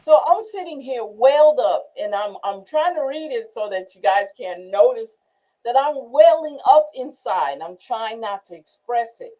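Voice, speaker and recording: A woman host reads aloud and then talks it over with listeners, earnest and emphatic, and her voice jumps to high exclamations. Her tone is mellow and a little high. The sound is dull and lo-fi. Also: expressive, unhurried. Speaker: host reading a workbook aloud. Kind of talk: reading aloud and live discussion.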